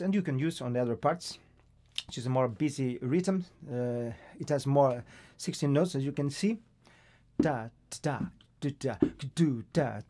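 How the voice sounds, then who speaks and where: A man's voice: medium pitch, mellow. Portuguese-accented man teaching guitar. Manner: counts beats aloud, patient and instructive. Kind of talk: guitar tutorial. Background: acoustic guitar playing.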